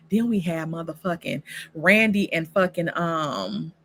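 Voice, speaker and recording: A woman's voice: low voice, a little slow, a bit bright, slight background noise. A woman casually recapping a soap opera episode, retelling scenes through the characters' lines and cutting in with blunt, profane commentary.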